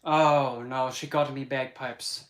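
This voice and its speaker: A man putting on a boisterous, crude Scottish man in a kilt, speaking in a loud, rough, put-on Scottish brogue. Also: mid-range voice, steady tone, slow, echoey room, lightly acted. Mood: bawdy.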